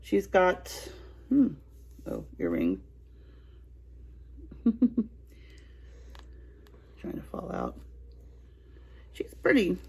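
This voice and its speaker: Slow-talking giggly woman vlogger. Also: fairly low pitch, huge pitch swings, vocal fry, darkish tone, breathy edge, rough recording. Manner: chatty, giggly, rambling. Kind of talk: casual toy unboxing chat.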